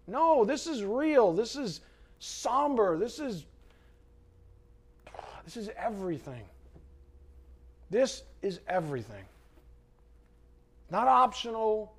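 High-voiced preacher guy, fired up, gets sarcastic with the congregation. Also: very animated, takes it slowly, pauses often, husky. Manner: impassioned, swings from quiet to loud. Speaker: pastor. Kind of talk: sermon.

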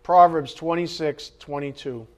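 A male pastor with a fairly high voice delivers a dramatic sermon at an unhurried pace, swinging between loud emphasis and hushed asides.

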